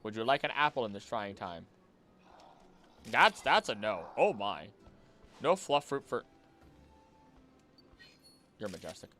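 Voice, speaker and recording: A man chatting casually on a live gaming stream, jokey and animated, talking to the creatures on screen. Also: fairly low pitch, a little slow, long pauses. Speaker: streamer and voice actor.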